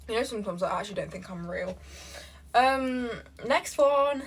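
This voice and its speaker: On a very noisy recording, a young woman hosts a reaction video, chatting casually and reading posts aloud. Her fairly high voice has lively intonation, and she comes across brash, sassy, and foul-mouthed in quick bursts.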